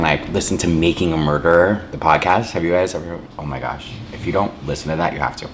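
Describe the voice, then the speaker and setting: A man's voice: deep voice, fast, hardly any pauses, noisy background. A man casually chatting to his viewers while eating, rambling and saying "like" a lot, humming between bites. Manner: rambling, says "like" a lot, chews and hums between lines. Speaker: mukbang vlogger.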